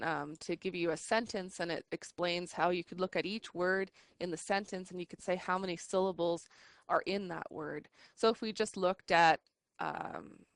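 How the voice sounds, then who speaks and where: A woman gives a patient, step-by-step English lesson, with a voice sitting a little low for her. She fills her pauses with ums and restarts as she explains. The sound is close and dry, with no room around it. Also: no room sound. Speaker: adult English instructor. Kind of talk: recorded online class lesson. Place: classroom with online students.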